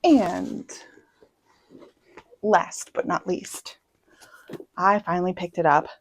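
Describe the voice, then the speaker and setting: A young woman chatting casually as a book vlogger, self-deprecating and full of quick asides. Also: on the low side, fairly even intonation, no echo, rough recording. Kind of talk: casual chat. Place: home.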